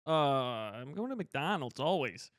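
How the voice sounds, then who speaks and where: A man's voice: mid-range voice, very animated, dry recording, clean studio sound. A young man co-hosting a comedy podcast, teasing his co-host in casual chat. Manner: teasing, quick to laugh.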